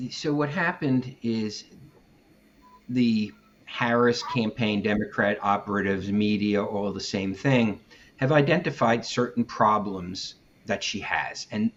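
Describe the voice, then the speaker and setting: A man's voice: fairly low pitch, a little slow, muffled recording, slight background noise. A man co-hosting a podcast, giving casual political commentary in an emphatic, conversational way. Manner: conversational, emphatic, laughs often. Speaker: podcast co-host.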